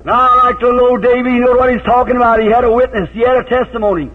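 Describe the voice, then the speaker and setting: High-voiced preacher on old tinny tape. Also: male voice, fairly even intonation, racing. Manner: folksy storytelling, breaking into shouted hallelujahs. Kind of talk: revival sermon.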